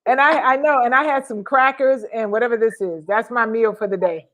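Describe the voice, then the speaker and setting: A woman co-hosting a casual livestream chat, lively and chatty, calling out viewers by name. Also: a little high, a little fast. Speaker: co-host.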